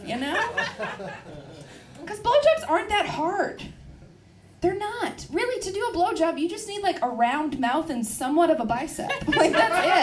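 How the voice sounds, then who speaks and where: A woman's voice: very high voice, roomy sound, recorded from a distance, heavy background noise. A woman doing a stand-up set on a club stage, brash and profane, laughing at her own jokes. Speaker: stand-up comedian.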